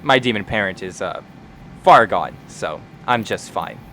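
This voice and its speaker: A man's voice: fairly low pitch, animated, unhurried, fairly bright tone, slight background noise. A man voicing a young tiefling woman who asks polite, probing questions. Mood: curious.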